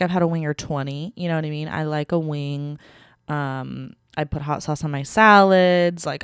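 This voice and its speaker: Speaking into a studio mic in a small studio, this young woman hosts her own podcast, chatting in a loose, filler-heavy way. Her voice is low, clear and resonant, with no room sound at all.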